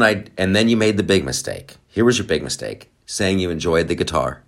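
Lively, rambling male podcast host. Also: deep voice, fairly quick, gravelly, hardly any pauses. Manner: playful, rambling, goes off on tangents; jokey and excitable, swings between loud bursts and quiet asides. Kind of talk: casual monologue podcast.

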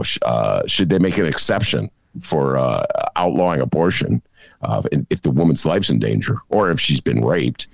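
A man hosting a political talk show, animated and laughing, often mocking others in put-on voices. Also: deep voice, vocal fry, dry recording. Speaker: podcast host. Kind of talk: casual political commentary.

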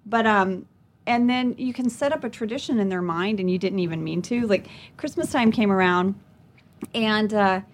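A woman's voice: mid-range voice, normal speed. A middle-aged woman from Louisiana, a comedian in casual chat, who tells funny stories and acts out the voices of the people in them, laughing often. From Louisiana, raised partly in Indonesia. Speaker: comedian and improviser, podcast host.

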